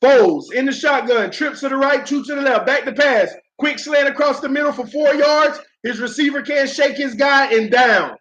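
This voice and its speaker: High-voiced excitable man streaming football reactions. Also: normal speed, few pauses, muffled recording. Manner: excitable, slangy, dramatic groaning and laughing.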